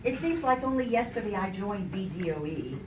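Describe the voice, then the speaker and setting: A woman's voice: medium pitch, expressive, a little fast. An older woman giving her retirement farewell speech, joking and chuckling as she tells stories to an audience. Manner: warm, joking, chuckling storyteller. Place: large hall at a retirement celebration. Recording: echoey hall from far off, crowd noise. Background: audience chatter and laughter.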